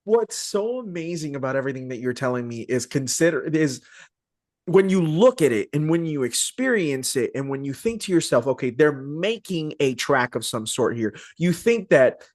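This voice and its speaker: A man hosting a podcast interview, telling stories in an animated, joking, slangy way. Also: fairly high pitch, normal speed, no echo, studio quality. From Arizona. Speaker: podcast host. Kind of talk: casual interview chat.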